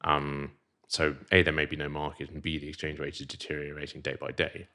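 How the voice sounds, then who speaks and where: A middle-aged man with a posh English accent, originally from Zimbabwe, telling rambling, animated stories as a podcast guest. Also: extremely low pitch, brisk. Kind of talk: casual interview chat.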